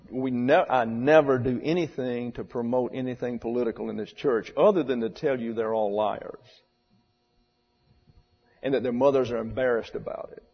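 A man's voice: mid-range voice, breathy edge. A man preaching a sermon to his church in a blunt, wry way, asking his listeners questions. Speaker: pastor. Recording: dull echoey church recording.

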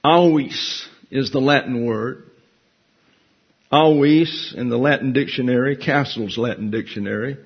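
A man delivers a conversational sermon full of self-deprecating jokes. His voice is slightly husky and sits at a middle pitch. The recording sounds dull and lo-fi. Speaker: pastor teacher. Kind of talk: folksy sermon.

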